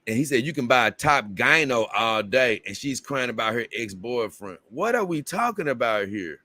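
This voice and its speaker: A man's voice: mid-range voice, big pitch swings, moderate pace, sharp tone, dry recording. A man hosting a livestream in casual chat, reading viewer comments aloud and rambling, with bursts of exasperated confusion. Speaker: livestream host.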